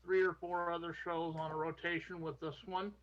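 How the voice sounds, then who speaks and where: Eager high-voiced male podcast host. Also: level tone, moderate pace, a bit bright, dull audio. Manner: eager, effusive, repeats himself. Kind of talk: casual chat on a live video call. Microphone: video call.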